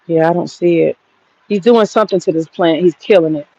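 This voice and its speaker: Out in her garden, a woman vlogger rants bluntly and profanely, rambling as she addresses her viewers directly with casual commentary. Her voice sits on the low side, fairly quick and warm with a breathy edge, and the sound is lo-fi.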